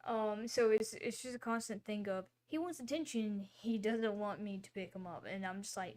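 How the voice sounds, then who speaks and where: A woman's voice: medium pitch, steady tone, fairly quick, hardly any pauses, a little mellow. A woman hosting a casual livestream, talking in a rambling, chatty way with lots of fillers and apologies. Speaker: livestream host.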